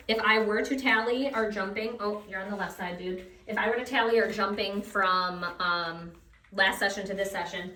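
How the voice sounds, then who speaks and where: A woman dog trainer talks through her session, breaking off to give short commands and lift into high praise for the dog. She sounds set back from the camera in an echoey room. A faint hiss of noise sits under her voice. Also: a bit bright, distant mic. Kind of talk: casual training commentary.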